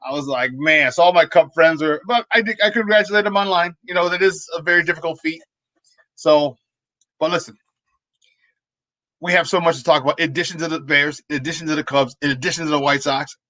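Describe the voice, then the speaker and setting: Man, sports talk host, rambling animated stories, bright forceful voice, dry sound. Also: on the high side, brisk, no room sound. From Chicago. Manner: rambling, animated anecdotes with restarts. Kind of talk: casual sports talk storytelling.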